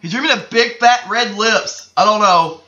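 A woman's voice: medium pitch, normal speed, bright, forceful tone, recorded from a distance, lo-fi sound. A woman giving crude, exasperated comedic commentary over a game video. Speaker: machinima creator.

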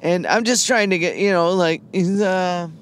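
Comedian guy from michigan, kinda high voice, rambly story, uhs everywhere, faint hiss. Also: moderate pace, fairly bright tone. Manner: rambling, lots of fillers and laughs. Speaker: comedian podcast co-host. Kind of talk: casual podcast storytelling.

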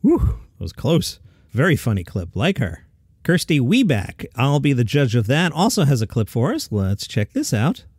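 A man hosting a daily comedy news podcast, reading listings and adding quick casual asides. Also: medium pitch, wildly swooping pitch, darkish tone, breathy edge, dry recording, clean studio sound. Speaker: podcast host.

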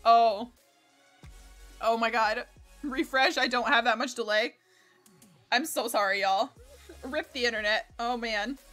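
A woman streamer giving chatty, excitable live commentary while playing a co-op game, laughing and swearing often. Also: a little high, measured pace, long pauses. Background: faint game music.

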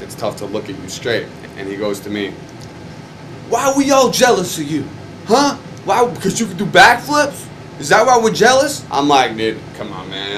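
A young man, a stuntman, telling a rambling, profane story in casual chat the morning after a wild night, getting loud and excited as he acts out the fights. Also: lowish voice, noisy background. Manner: profane, excitable, swings loud when reenacting. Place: hotel room.

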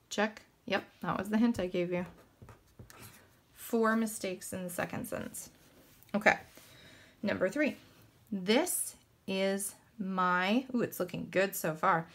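A woman teaching a lesson to small children, speaking slowly and carefully. She sounds patient and encouraging, and she spells out words one letter at a time. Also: medium pitch. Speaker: first grade teacher. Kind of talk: recorded classroom lesson for children.

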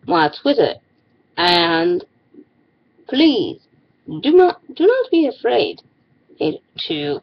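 A woman's voice: lowish voice, very animated, very slow, pauses often, muffled recording. A woman vlogger with a put-on Irish accent, ranting theatrically to camera in a comic persona. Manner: theatrical, sing-song Irish-persona delivery.

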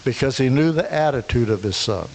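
A man preaching a sermon, his voice sitting at an ordinary middle pitch. He tells a parable in a storytelling way, voicing the characters and often restarting his words. A faint hiss runs under the recording. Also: expressive, a little fast, vocal fry, darkish tone, poor audio. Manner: retells a parable, acting out the characters, with frequent restarts.

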